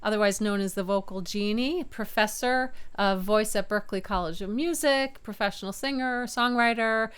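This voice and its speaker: Smooth-voiced woman voice teacher. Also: mid-range voice, moderate pace, hardly any pauses, fairly bright tone. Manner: upbeat, demonstrates chest and head voice by singing. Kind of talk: video voice lesson. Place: home studio with keyboard.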